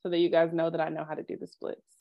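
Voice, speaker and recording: A woman co-hosting a casual podcast chat, animated, acting out quotes and laughing often. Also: low voice, very fast, vocal fry, lo-fi sound. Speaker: podcast co-host.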